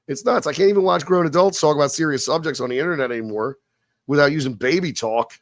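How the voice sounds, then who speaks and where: A man's voice: on the high side, no echo, studio quality. A man hosting a live stream, chatting casually and ranting in a profane, rambling way, then reading scripted narration. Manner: reads scripted narration slowly. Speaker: live-stream show host.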